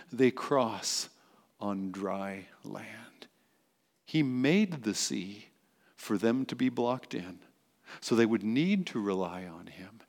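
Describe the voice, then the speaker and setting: A male pastor preaching a sermon as animated storytelling, acting out the quotes. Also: on the high side. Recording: long reverb in a large hall.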